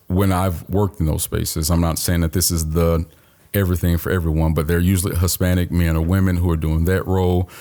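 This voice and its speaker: A man's voice: sits low, a little mellow. A man co-hosting a podcast in casual conversation, speaking earnestly and openly about his feelings. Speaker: podcast co-host.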